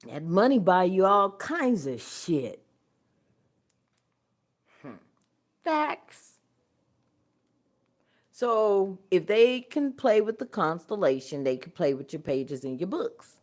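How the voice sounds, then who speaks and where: A woman speaks casually on a spiritual livestream, blunt and profane. She laughs often. Her voice swings from low, quiet muttering to loud, animated outbursts. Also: slow, long pauses. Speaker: spiritual channel host.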